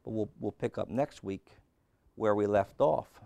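Gravelly-voiced man preaching a sermon. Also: on the low side, measured pace, mellow, no room sound. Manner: asks the congregation questions, rising and dropping his voice.

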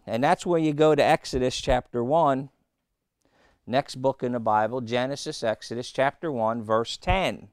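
A man's voice: mid-range voice, moderate pace, smooth, no echo, clean studio sound. A man preaching a sermon, telling anecdotes with rhetorical questions and acted-out quotes.

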